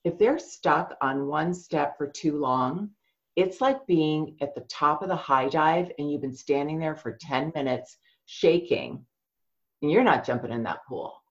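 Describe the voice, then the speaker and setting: A woman with a somewhat low voice, a speech therapist guesting on a podcast, talks parents through advice in an expressive, warm, explanatory way. The sound is dull and lo-fi. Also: measured pace. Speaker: guest feeding expert, speech language pathologist.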